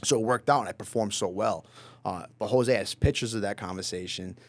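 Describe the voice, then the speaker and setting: A man, a professional fighter, telling stories in a loose, casual podcast interview, swearing freely and filling pauses with fillers. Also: fairly low pitch, dry recording. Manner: relaxed, loose and profane, lots of fillers.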